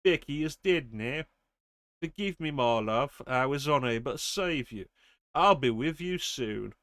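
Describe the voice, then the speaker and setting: A man's voice: medium pitch, animated, unhurried, a bit bright, no echo. A man streaming a game, reading in-game diary notes aloud steadily and then chatting casually. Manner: reads steadily, then chats casually with fillers.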